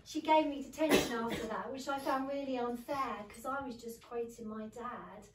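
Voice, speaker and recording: With no mic and recorded from a distance, a woman in her thirties does chatty stand-up for an audience at a comedy venue, laughing along with her own jokes. Her fairly high voice moves at a moderate pace, and the echoey recording is very noisy.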